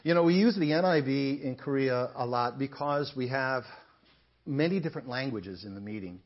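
A man's voice: mid-range voice, moderate pace, dull audio. A man preaching a sermon and reading scripture, talking casually and asking the congregation questions. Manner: conversational, asks the congregation questions. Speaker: pastor.

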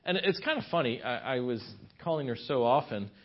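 A man's voice: mid-range voice, animated, a little fast. A man teaching a marriage seminar in a church, speaking in a folksy, conversational way and telling stories with asides and restarts. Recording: slightly dull lo-fi recording.

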